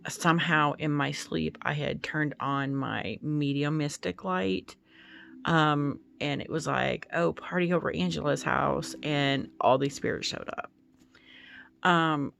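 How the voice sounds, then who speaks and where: Slow, heavily creaky woman vlogger. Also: low voice. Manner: meandering, hesitant storytelling. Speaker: tarot-reading YouTuber. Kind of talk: casual vlog storytelling.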